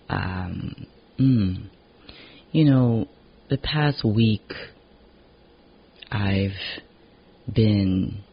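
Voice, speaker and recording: An emotionally exhausted man speaks in a casual, unscripted monologue, husky and fairly low in pitch. He talks slowly and frankly, swearing freely and leaning on "you know" between thoughts. The recording sounds dull and lo-fi.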